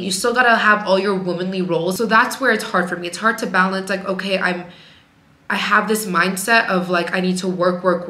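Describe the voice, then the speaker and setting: A woman's voice: mid-range voice, bright, forceful tone. A woman talking frankly to camera as a working-mom vlogger, in a chatty way that leans on "like" a lot. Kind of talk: candid casual vlog talk. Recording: echoey room.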